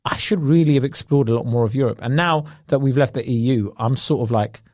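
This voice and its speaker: A man's voice: mid-range voice, fairly quick, darkish tone, no room sound, clean studio sound. A young man, co-hosting a podcast in rambling, slangy casual chat. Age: young adult. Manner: rambling, slangy, laughs easily. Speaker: podcast co-host.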